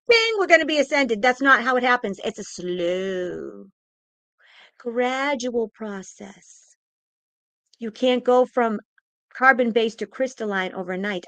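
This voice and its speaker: A woman's voice: fairly high pitch, fairly bright tone, no room sound. A woman psychic giving an impassioned spiritual pep talk, emphatic and repetitive, audibly emotional and close to tears. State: tearful, emotional.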